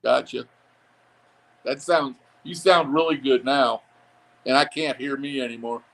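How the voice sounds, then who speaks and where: A man's voice: mid-range voice, fairly even intonation, measured pace, creaky, fairly bright tone. Easygoing man talking over his phone. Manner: easygoing, chuckling, encouraging. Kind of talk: casual chat.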